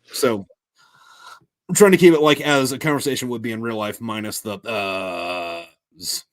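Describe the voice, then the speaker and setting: A man hosting a casual podcast chat, halting and full of fillers, swearing heavily as he talks. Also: mid-range voice, animated, dry recording. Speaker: podcast host and audiobook narrator.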